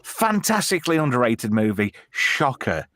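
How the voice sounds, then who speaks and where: A man's voice: medium pitch, very animated, moderate pace, fairly bright tone, dry recording, studio quality. A man hosting a casual live-stream film chat, telling stories in a chatty, self-deprecating way.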